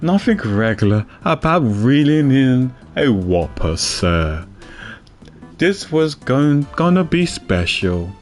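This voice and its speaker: A man putting on a bumbling game detective, loyal and eager, with a dopey put-on accent. The voice dips lower than his own and swings through a lively pitch. He rambles earnestly through his lines. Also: takes it slowly, soft background music. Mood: eager, rambling.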